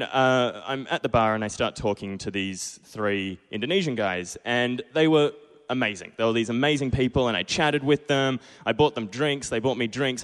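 A man's voice: lowish voice, fairly bright tone, clear, resonant tone, long reverb tail. A young man in his twenties from Perth with an Australian accent, telling a self-deprecating true story live on stage and acting out his own past lines. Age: 20s. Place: small pub stage.

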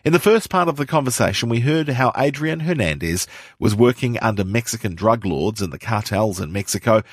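A man's voice: on the low side, lively intonation, a little fast, no echo, studio quality. A man narrating a scripted recap that introduces a program segment.

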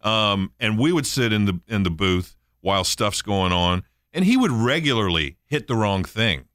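A middle-aged man co-hosting a radio show, telling animated stories and mimicking people. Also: fairly low pitch, normal speed, dry recording, clean studio sound. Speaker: radio co-host. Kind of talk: casual banter.

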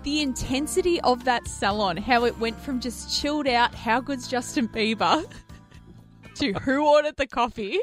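A woman's voice: on the high side, unhurried, faint music behind. A woman co-hosting a radio show, telling a story in casual chat and acting out what people said. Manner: animated storyteller, acts out quotes. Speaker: radio co-host.

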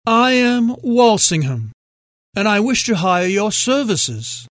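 A man's voice: high voice, very animated, takes it slowly, fairly bright tone, no room sound, studio quality, pitched above the performer's own voice, heavily acted. A man voicing an old British collector, slightly slurred, formal and pleading, in a story reading. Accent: British upper-class.

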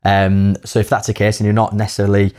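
A man's voice: lowish voice, monotone, fast talker, a little mellow. A man with a Hull accent, co-hosting a podcast in casual chat and working through a numbered list of tips. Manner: laughs easily, lists points in turn. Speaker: podcast co-host.

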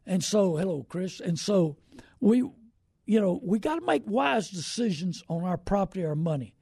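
A man's voice: high-pitched, lively intonation, normal speed, gravelly, warm tone, husky, no echo, clean studio sound. A middle-aged man, hosting a car-buying show in a casual, rambling, folksy way and greeting viewers by name. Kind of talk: casual live-stream talk.

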